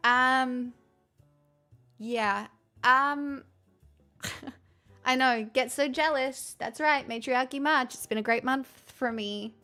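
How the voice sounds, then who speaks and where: Gravelly, candid woman streamer. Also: high voice, slow, pauses often, bright, forceful tone, faint music behind. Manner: candid, rambling, swears freely. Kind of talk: casual chat answering viewer questions.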